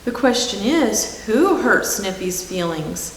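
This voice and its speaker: A woman's voice: mid-range voice, big pitch swings, slow pace. A woman voicing a pompous, self-assured male vegetable detective with grand, theatrical speech. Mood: self-important. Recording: echoey hall with faint hiss.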